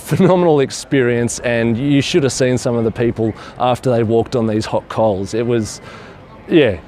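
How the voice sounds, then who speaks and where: Man vlogger, mid pitch, eager and rambling, faint street traffic behind. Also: a little mellow. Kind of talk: casual storytelling to camera.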